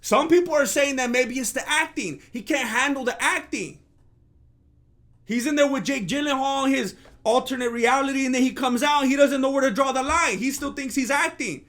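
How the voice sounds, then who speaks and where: A man's voice: extremely high pitch, moderate pace, a bit bright. A man hosting a comedic commentary rant, sarcastic and mock-outraged. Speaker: commentary channel host.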